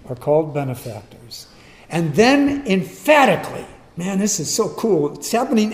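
A man preaching a sermon, swinging from quiet, low passages to loud, emphatic bursts. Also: animated, normal speed. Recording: echoey room.

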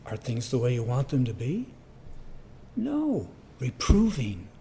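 Older male pastor preaching with a mellow voice. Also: mid-range voice, sing-song, normal speed, slight background noise. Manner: storytelling, conversational, acts out voices. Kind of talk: sermon with personal story.

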